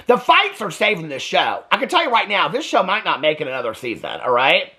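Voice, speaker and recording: A man rants through a TV recap in a lively, bouncing voice that swings widely in pitch. His tone is bright and blunt, and he sounds exasperated as he gives casual commentary. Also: a little fast. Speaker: TV recap vlogger.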